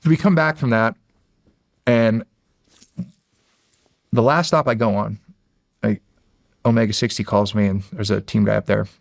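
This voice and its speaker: A man's voice: lowish voice, steady tone, measured pace, gravelly, long pauses, no echo, studio quality. A man from Pennsylvania, a guest on an interview show, telling stories casually with rambling restarts and frequent swearing. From Erie, Pennsylvania. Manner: rambling, profane, restarts phrases, acts out quoted dialogue. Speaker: guest, former Navy SEAL.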